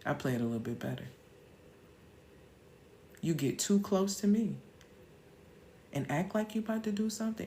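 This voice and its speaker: A woman's voice: extremely low pitch, a little hiss or hum. A woman in her thirties hosting a live-stream motivational talk, emphatic and slangy, firing off rhetorical questions.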